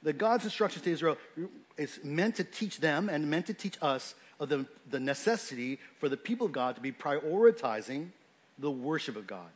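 A male pastor delivers a sermon in a conversational, unscripted style, explaining a scripture passage with frequent fillers and restarts. His voice is a little high.

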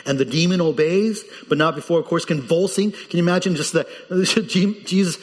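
A man preaching a sermon as the pastor, animated and lively, his voice jumping up when he quotes people in the story. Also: fairly high pitch, normal speed, big-room sound.

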